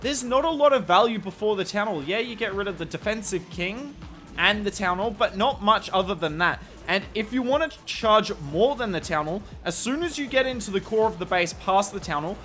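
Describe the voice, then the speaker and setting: A man's voice: high-pitched, lively intonation, fairly quick, sharp tone, soft background music. A young man with an Australian accent commentating a game replay in a chatty, candid way with self-deprecating asides. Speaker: strategy video commentator.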